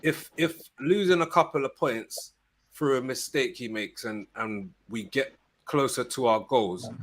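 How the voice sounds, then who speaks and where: A man's voice: mid-range voice, unhurried, fairly bright tone. A man, co-hosting a casual football fan chat, emphatic and slangy, often asking if others follow him. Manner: emphatic, slangy, keeps checking the listener. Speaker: co-host of a football fan show.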